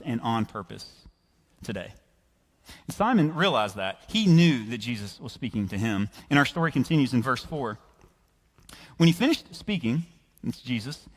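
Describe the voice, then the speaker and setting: Lively male preacher in an echoing hall. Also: mid-range voice. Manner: animated, storytelling, conversational. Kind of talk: sermon. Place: church. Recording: reverberant church hall.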